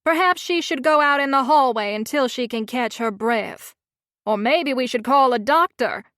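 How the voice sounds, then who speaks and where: A woman's voice: sits high, normal speed, fairly bright tone, dry recording, studio quality. A woman voicing a spiteful society mother, speaking with false, sweet politeness. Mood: falsely sweet.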